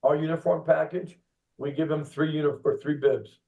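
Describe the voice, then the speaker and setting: Brief: middle-aged male youth soccer coach, lively storyteller, higher voice, tinny phone line, distant from mic. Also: normal speed, gravelly, echoey room. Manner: animated storyteller who laughs and acts out kids and parents. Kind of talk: casual podcast chat.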